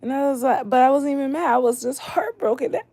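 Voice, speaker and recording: A mother hosting a casual late-night livestream, expressive and laughing often, swinging between loud outbursts and hushed talk. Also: high-pitched, fast, no room sound. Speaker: livestream host.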